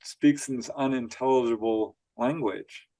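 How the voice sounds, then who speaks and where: A man guest on an interview show, telling strange stories in an animated way, laughing often and acting out quotes. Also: mid-range voice, a little slow. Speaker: author guest. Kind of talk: storytelling interview.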